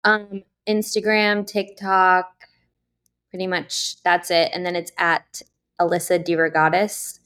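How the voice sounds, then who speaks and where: Relaxed woman guest on a chat podcast. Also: fairly low pitch, measured pace, clear, resonant tone. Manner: relaxed, hesitant, with many "like"s. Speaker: guest author. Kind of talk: casual interview chat.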